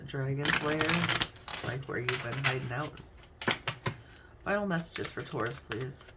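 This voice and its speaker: Over heavy background noise, this tarot reader talks at a measured pace in a very deep voice. She keeps the reading casual and chatty, musing out loud as each card comes up.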